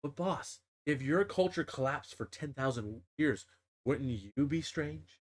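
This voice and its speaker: A man voicing a male orc assistant who talks like a measured, well-educated intellectual. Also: on the high side. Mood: explaining.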